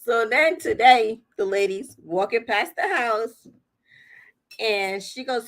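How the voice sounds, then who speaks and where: A woman's voice: on the high side, sing-song, takes it slowly, long pauses, a bit bright. A woman hosting a livestream, telling a story casually, laughing often and acting out what people said. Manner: chatty, laughs often, acts out quotes. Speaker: livestream host.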